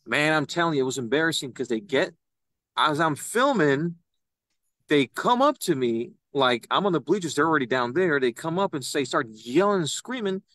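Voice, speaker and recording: A young man, a podcast guest, telling an animated story and acting out the people he quotes. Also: fairly high pitch, normal speed, dry recording. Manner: excitable, acts out quoted voices. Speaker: podcast guest, citizen news reporter.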